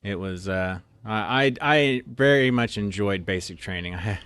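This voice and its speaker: A man's voice: on the low side, unhurried, a bit bright, clean tone, no echo. A young man from Oklahoma, an officer candidate, casually telling a rambling story full of "like" and restarts. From Oklahoma, USA. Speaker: interview guest, officer candidate.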